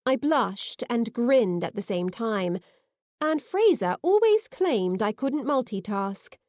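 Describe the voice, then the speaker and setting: A woman narrating an audiobook in first person with lively, expressive reading, on a close mic. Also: a little high, slow, no room sound.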